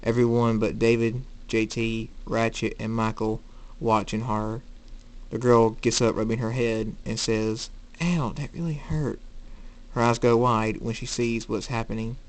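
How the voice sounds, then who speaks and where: A man's voice: on the low side, completely flat delivery, moderate pace, smooth. Man narrating an amateur story, plain reading, occasional restarts. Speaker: fan fiction reader.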